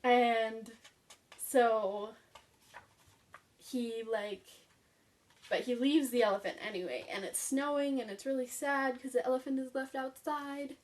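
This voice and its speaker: Heard from some distance away, this high-pitched book vlogger moves at a moderate pace through a rambling, excited chat about her childhood favorites. Fillers pepper her casual review.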